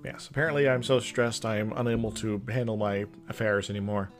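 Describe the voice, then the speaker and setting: A man's voice: fairly low pitch, fairly even intonation, a little fast, soft background music. A young man giving casual let's-play commentary, rambling, mumbling and chuckling to himself as he plays. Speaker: gameplay commentator. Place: indoor room with loud trucks outside.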